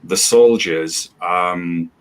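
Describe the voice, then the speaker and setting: A man's voice: low-pitched, extremely slow. A man from UK, co-hosting a casual film review chat in a hesitant, self-deprecating way. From northern UK. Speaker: co-host.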